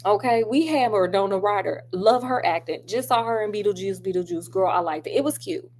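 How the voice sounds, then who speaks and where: A woman gives a loose, animated film review. She talks straight to her viewers and wanders into asides as she goes. A faint hum sits under her mid-range voice. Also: medium pitch, a little fast, few pauses. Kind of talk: casual chatty film review. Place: at home doing crafts.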